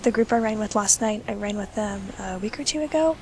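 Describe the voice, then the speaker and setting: A woman's voice: mid-range voice, fairly quick, a little mellow, slight background noise, low-quality recording. Chatty young woman with hiccups. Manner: chatty, many ums and restarts. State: has hiccups. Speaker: game video creator. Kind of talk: casual gameplay tip voice-over.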